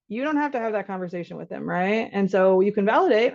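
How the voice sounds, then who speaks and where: Woman, 30s, physician workshop presenter; lively, laughing, middle voice, lo-fi dull recording. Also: medium pitch, fast, hardly any pauses. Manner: lively, often laughing, acts out parent and child lines. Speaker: physician leading a caregiver workshop. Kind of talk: conversational workshop talk. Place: online workshop. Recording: slightly dull lo-fi audio.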